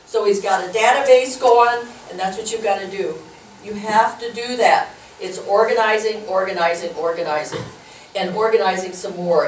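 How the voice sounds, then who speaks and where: A woman speaking to a group about organizing, informal and fervent, acting out what others said. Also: medium pitch. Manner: animated, fervent, acts out quotes. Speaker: local political organizer speaking at a meeting. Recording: echoey room, mic far off, faint noise.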